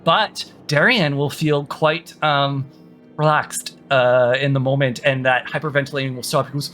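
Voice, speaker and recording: Bright-voiced male dungeon master. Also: mid-range voice, steady tone, normal speed, faint music behind. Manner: casual, with fillers. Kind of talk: narrating a tabletop game.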